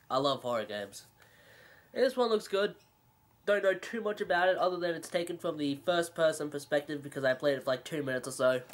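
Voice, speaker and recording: A video game collector talking through recent purchases in a casual, rambling vlog, full of sarcastic jokes and self-mocking asides. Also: medium pitch. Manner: rambling, joking and sarcastic, with frequent laughs.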